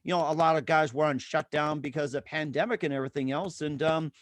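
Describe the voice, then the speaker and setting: A man's voice: a little high, steady tone, quick pace, no room sound. A man hosting a casual interview, asking long questions full of fillers. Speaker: interview host.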